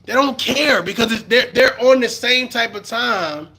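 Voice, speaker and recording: A man's voice: a little slow, vocal fry. Heated Bronx man ranting on a livestream. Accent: New York. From the Bronx, New York. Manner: profane, heated, swings from low mutters to loud outbursts. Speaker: live-stream commentator. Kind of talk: ranting live-stream commentary.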